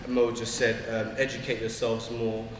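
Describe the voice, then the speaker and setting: A man at a community forum calmly summing up a point about culture and education. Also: medium pitch, normal speed, a little hiss or hum. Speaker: forum participant. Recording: echoey hall, distant mic.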